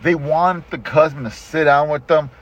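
Husky middle-aged man, animated and profane. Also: fairly high pitch, moderate pace. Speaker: podcast host. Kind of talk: casual chat. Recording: dull lo-fi podcast audio.

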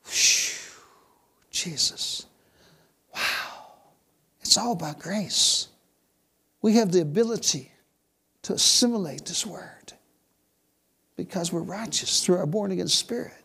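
A man's voice: sits high, moderate pace, vocal fry, long pauses, a bit bright, slightly rough. An American man preaching a sermon, exclaiming bursts of praise and dropping suddenly to a whisper. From United States.

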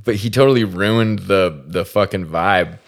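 A man's voice: deep voice, a little slow. A man hosting a podcast, telling a story in a profane, exasperated comic ramble. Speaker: podcast host. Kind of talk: rambling comedic monologue.

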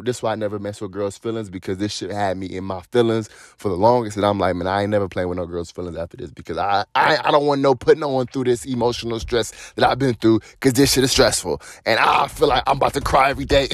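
Animated, slangy young man telling a story. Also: on the low side, no room sound, studio quality. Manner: animated, slangy, profane, acts out quoted dialogue. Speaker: podcast host telling his story. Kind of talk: casual storytelling.

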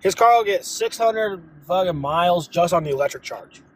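Slightly high-voiced man chiming in. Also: expressive, moderate pace. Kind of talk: casual chat. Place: moving car.

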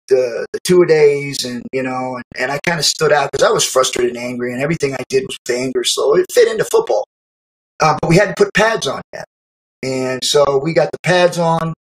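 A middle-aged man casually recounting a memory, animated, acting out quotes and laughing often. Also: a little high, rough recording. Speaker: storyteller recalling youth football. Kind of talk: casual spoken memoir.

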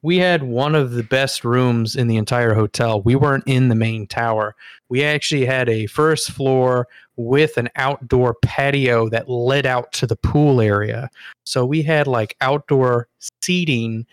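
A man co-hosting a podcast, telling a story in a lively, casual way with some swearing. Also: medium pitch, unhurried, clear, resonant tone, dry recording, clean studio sound. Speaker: podcast co-host.

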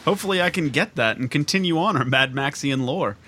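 A playful man co-hosting a gaming podcast, chatting as he plays and laughing often. His voice is bright and sharp, and its pitch swings widely. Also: fairly quick. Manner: giggly, playful, lively commentary while playing. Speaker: podcast co-host playing the game. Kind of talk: casual gaming chat.

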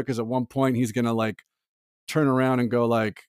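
This man co-hosts a casual pop-culture podcast, and he talks in a loose, animated way, leaning on fillers and laughing often. The voice sits at a middle pitch for a man. He sounds close to the mic in a dry room. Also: a little fast, clean tone, no echo. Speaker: podcast co-host.

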